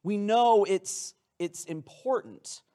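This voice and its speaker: A man's voice: high voice, slow, warm tone. A pastor giving a conversational, playful sermon in a church, often restarting his sentences. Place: church sanctuary with congregation.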